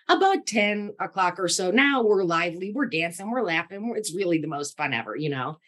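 A woman's voice: fairly low pitch, animated, a little fast. Candid woman telling a tender story. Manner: tender, candid, acts out quoted speech. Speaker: podcast guest. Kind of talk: emotional personal storytelling.

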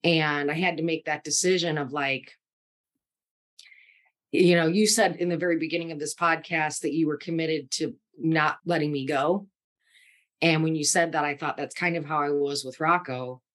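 A middle-aged woman talks as a podcast guest, her voice sitting a little low. She tells her story with candid tenderness. She acts out what people said as she goes. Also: steady tone, moderate pace, a bit bright. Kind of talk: emotional personal storytelling.

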